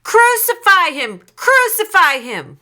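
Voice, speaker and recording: A woman voicing an angry crowd, shouting its demands in a raised, high voice. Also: big pitch swings, slow, full character voice. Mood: furious.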